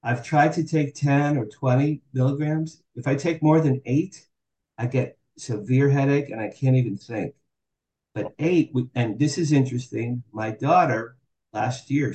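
A rough, roomy recording picks up a man in his sixties with a mid-range voice. Guesting on a podcast, he recounts candid stories with animation, acting out each bit of quoted dialogue.

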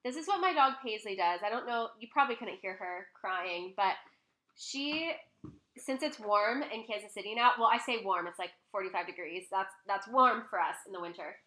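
A young woman vlogger telling a personal story in a casual, chatty way at home, full of fillers and animated quoting. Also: mid-range voice, moderate pace, roomy sound. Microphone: laptop mic, close.

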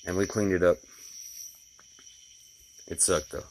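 Man, middle-aged, very deep voice, folksy rambling vlog talk, faint insect ambience. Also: steady tone, takes it slowly, a little hiss or hum. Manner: rambling, folksy storytelling with fillers. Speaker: glass installer. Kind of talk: casual personal vlog.

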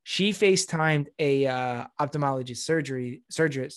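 With a mid-range voice at a moderate pace, a young man co-hosting a podcast recounts a story in a loose, profane, animated way, voicing what others said. It's studio-quality audio with no echo.

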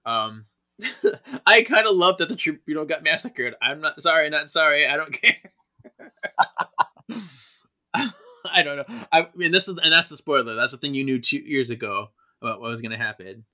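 A man's voice: on the high side, expressive, normal speed, bright, forceful tone. A man co-hosting a podcast, chatting enthusiastically with lots of laughter. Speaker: podcast co-host. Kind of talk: casual chat.

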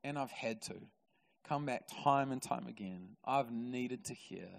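A man with a New Zealand accent preaching a sermon in a church, an animated storyteller who swings from loud excitement to quiet, intimate moments. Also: mid-range voice, slow pace, creaky. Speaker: pastor. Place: large church hall. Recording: reverberant church hall.

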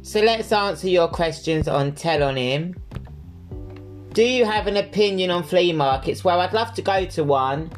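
Male podcast host, candid casual Q&A, lots of fillers, soft music underneath. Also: sits high, normal speed. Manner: candid and chatty, with frequent fillers. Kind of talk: casual solo Q&A chat.

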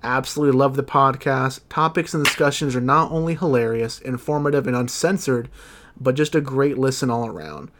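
A man's voice: medium pitch, a little fast, fairly bright tone, a little hiss or hum. A young man hosting a podcast in casual, profane chat, often stumbling over his words and laughing. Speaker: podcast host.

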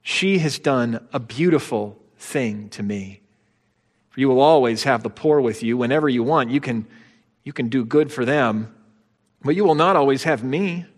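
A man pastor preaching a sermon, swinging between hushed, slow passages and emphatic, rising ones. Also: mid-range voice, long reverb tail. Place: church sanctuary.

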